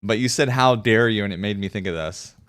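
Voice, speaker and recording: A man's voice: fairly low pitch, a little fast, fairly bright tone. A man streaming and chatting casually, rambling with frequent laughs and the odd swear word. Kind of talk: casual chat. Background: background music.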